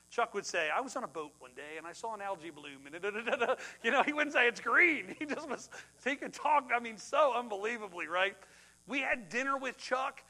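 A man preaching, middle-aged, his voice sitting high and bright. He swings between ringing, forceful outbursts and quiet, hushed passages as he tells a story from the pulpit. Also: poor audio. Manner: animated, swings from loud outbursts to hushed tones. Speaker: pastor. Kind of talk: sermon with personal story.

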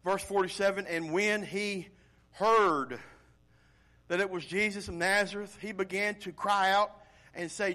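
A male pastor preaching an animated sermon, swinging from loud emphasis to quiet intensity. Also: high voice, a little slow.

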